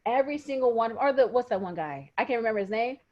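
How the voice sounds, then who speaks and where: A woman co-hosting a podcast in casual chat, telling things in an animated, emotional way over a video call. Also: on the high side, fast talker, dull audio. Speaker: podcast co-host.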